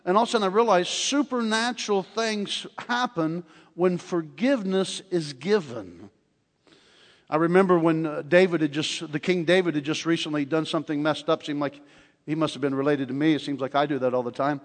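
An older man preaching a sermon in a church, telling stories with animated humor. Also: a little high, fairly quick. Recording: long hall reverb.

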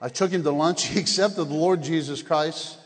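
High-pitched evangelist guy preaching hard, laughs a lot, booming church echo. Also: moderate pace. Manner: energetic, laughing, swings from shouts to hushed tones. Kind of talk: revival sermon. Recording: long hall reverb.

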